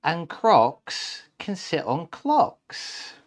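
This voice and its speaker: A bossy storybook frog, as a man reads him aloud to a children's group. He speaks slowly and loudly, pressing on each word. The pitch swoops up and down. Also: very animated, heavily acted.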